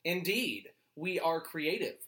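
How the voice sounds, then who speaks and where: A man's voice: on the high side, very animated, slow, bright, forceful tone. A man from Georgia co-hosting a casual podcast chat, telling stories with frequent laughs and swearing. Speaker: podcast co-host.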